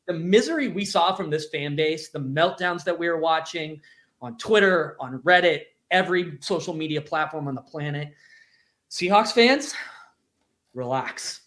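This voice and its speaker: A man co-hosting a sports show, speaking upbeat and emphatic in quick bursts. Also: fairly high pitch, fairly bright tone. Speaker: podcast co-host.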